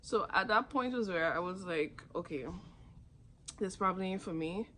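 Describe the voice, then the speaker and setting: A woman's voice: expressive, moderate pace, pushed and bright, slight background noise. A young woman, casually telling her own story to camera and acting out what others said. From Saint Martin. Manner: chatty, acts out others' lines with sudden high jumps. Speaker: vlogger.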